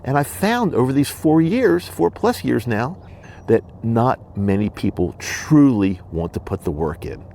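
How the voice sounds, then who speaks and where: A man's voice: medium pitch, big pitch swings, unhurried, creaky, mellow, slight background noise. A man hosting his own podcast, talking alone in an earnest, emphatic way and repeating his points. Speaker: podcast host. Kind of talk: solo monologue. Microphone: studio microphone and camera.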